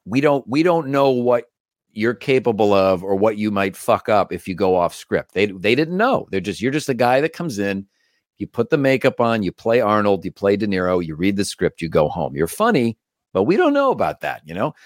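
A man, a voice actor and comedian, telling stories as an interview guest in an animated way, acting out the voices of others. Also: lowish voice, moderate pace, dry recording, studio quality. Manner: animated, acts out quoted voices. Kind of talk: storytelling interview.

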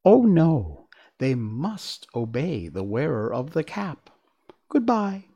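Man putting on a squeaky tiny mouse queen, kindly and gracious, very high falsetto, storybook reading. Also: big pitch swings, slow, warm tone, breathy edge, heavily acted. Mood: kindly, helpful.

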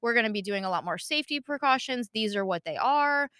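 A woman in her thirties tells a story on a casual podcast, acting out each person's lines with lively energy. Her voice is bright and forward, recorded close and dry. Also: a little high, quick pace, clean tone, dry recording. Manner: animated storytelling, acting out quotes. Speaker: podcast co-host. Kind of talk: casual chat.

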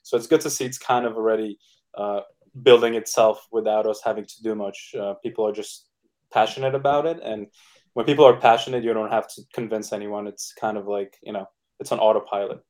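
A man in a casual podcast interview, speaking in a relaxed, upbeat way with lots of "uh" and "like". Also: fairly low pitch, fairly quick. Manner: relaxed, filler-heavy, upbeat. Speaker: NFT project co-founder guest.

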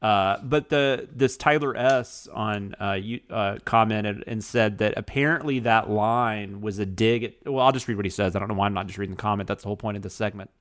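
A man's voice: on the low side, brisk, few pauses, a bit bright, no room sound. A man co-hosting a casual podcast, chatty and laughing between remarks. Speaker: podcast co-host.

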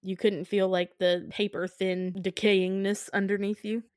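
A woman co-hosting a podcast and retelling a film's plot in casual conversation. She keeps breaking into little character voices as she goes. Her pitch sits in a middle range, and the sound is dry and close with no room around it. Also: no room sound. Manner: animated retelling, acting out characters' lines in quick voices. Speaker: podcast co-host. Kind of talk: casual film recap chat.

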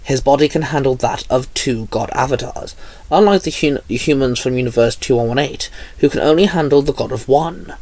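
A man voicing a seasoned male ranger who calmly explains a plan to an ally in a storybook reading. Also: mid-range voice, moderate pace, dry recording, close to an everyday voice. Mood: explaining.

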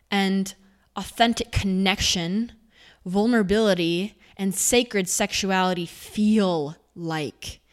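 A woman talks through her own experiences in a candid, reflective monologue. Her voice sits at an ordinary middle pitch, and she lets it swell and soften as she tells her story. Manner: candid, reflective, with expressive shifts in loudness. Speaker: speaker on faith and sexuality.

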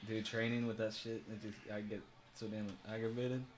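A young man in casual chat about fighting, relaxed, swearing and laughing freely. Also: lowish voice, fairly quick, slight background noise. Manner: laid-back, swears freely, laughs often. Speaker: podcast co-host, jiu-jitsu practitioner.

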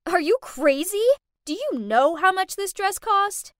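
A woman's voice: high-pitched, sing-song, measured pace, no room sound, studio quality. A woman voicing a spoiled, mean rich teenage girl who snaps and screams. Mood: nasty. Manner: snapping, screaming.

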